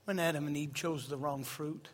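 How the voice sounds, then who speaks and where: A man's voice: fairly high pitch, fairly even intonation, normal speed. A male pastor preaching an impassioned sermon in a church hall, full of rhetorical questions. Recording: reverberant hall with soft music.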